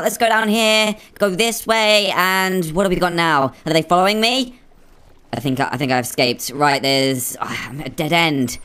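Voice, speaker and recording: Man with a pitched-up voice filter. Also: moderate pace, clean tone. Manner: excitable, jittery, nervous exclamations. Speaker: gaming video creator. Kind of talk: playing through a game adventure.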